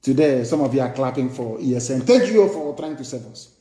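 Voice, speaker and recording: A man's voice: medium pitch, lively intonation, fairly quick, warm tone, echoey room. A man with a Nigerian accent giving a live political broadcast, scornful and impassioned, repeating phrases for emphasis. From southeastern Nigeria. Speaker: broadcaster addressing followers.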